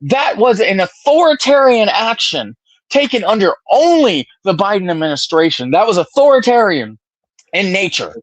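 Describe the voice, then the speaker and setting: A young man with a high, tenor voice argues his case insistently, hammering the same points again and again. The sound is close and dry, with no room echo at all. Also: very animated. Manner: rapid, insistent, repeats points. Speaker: debater on a live political stream. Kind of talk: heated political argument.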